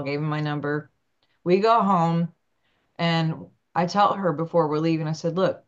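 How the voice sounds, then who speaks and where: A woman's voice: moderate pace, clear, resonant tone, lo-fi sound. A woman guest in an interview, telling personal stories animatedly and acting out the voices of the people in them. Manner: animated, acts out quotes with big pitch jumps. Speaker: guest, naturopathic doctor. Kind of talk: storytelling in an interview.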